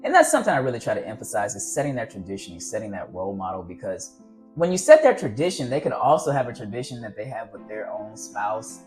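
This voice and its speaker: A man's voice: on the low side, big pitch swings, fast, a little mellow, soft background music. A man vlogging casual, earnest advice on fatherhood, rambling and encouraging as he talks to his viewers. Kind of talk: casual advice talk to camera.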